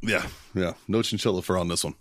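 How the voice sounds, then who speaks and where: A man's voice: low voice, steady tone, fast talker, fairly bright tone, no room sound. A man hosting a podcast, telling a crude war story in casual chat, swearing and laughing a lot. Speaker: podcast host, Marine veteran.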